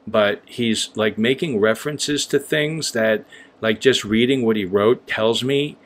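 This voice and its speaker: Man, lowish voice, blunt, rambling, swears a lot, casual vlog talk. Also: measured pace. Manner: blunt, ranting, swears freely; loose and rambling with many fillers. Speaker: vlogger honing straight razors.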